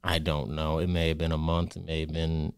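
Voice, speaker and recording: A young adult man as a podcast guest, telling a hard personal story in a halting, candid way and acting out past conversations. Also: very deep voice, monotone, vocal fry, smooth, no echo, clean studio sound.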